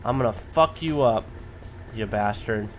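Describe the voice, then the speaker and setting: A man's voice: on the low side, unhurried, a little hiss or hum. A young man commentating on his gameplay, swearing and cracking jokes as he plays. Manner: profane, wisecracking. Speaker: let's play host.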